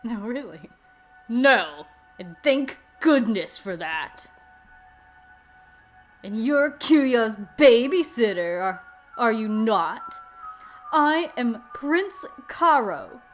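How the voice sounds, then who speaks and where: A woman's voice: a little high, lively intonation, extremely slow, long pauses, faint music behind. A woman voicing a proper, apologetic young princess in a let's play of a visual novel, with formal, polite speech. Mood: haughty.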